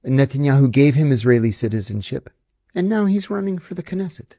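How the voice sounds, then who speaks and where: A man's voice: mid-range voice, sing-song, brisk, dark tone, no room sound, studio quality. A man, a former intelligence officer, giving emphatic, indignant answers in an interview. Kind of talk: interview storytelling.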